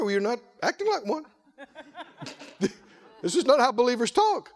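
A male pastor preaching a lively sermon, often laughing and calling out to the congregation. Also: extremely high pitch, measured pace. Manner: animated, laughing, call-and-response preaching.

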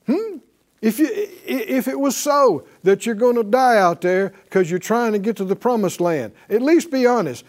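A man preaching to a class, animated, asking them questions and acting out quotes. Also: very high voice, a little slow. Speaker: bible teacher.

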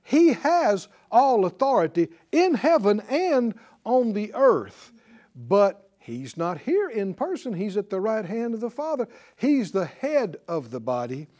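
Unhurried and high in pitch, this preacher delivers a sermon full of lively storytelling, voicing the characters' dialogue himself, while the congregation answers his calls.

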